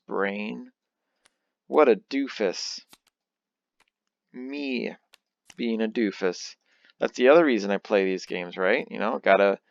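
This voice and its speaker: Young male let's-play host, low gravelly voice, dry, dull lo-fi sound, rambles and pokes fun at himself. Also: no room sound. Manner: rambling, self-deprecating, thinks out loud. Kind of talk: casual gameplay commentary. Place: home. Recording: dull lo-fi home recording.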